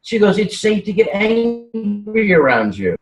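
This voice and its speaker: A man's voice: high voice, unhurried, soft background music. A man talking in a casual chat, telling rambling stories with lots of restarts. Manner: rambling, animated storytelling with many restarts. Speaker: guest. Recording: roomy, distant from the mic.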